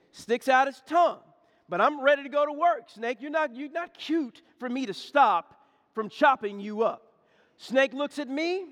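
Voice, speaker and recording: A man preaching a sermon, telling a folksy story with lots of repetition and humor. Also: very high voice. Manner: folksy, animated storytelling, repeats words. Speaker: pastor. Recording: echoey hall.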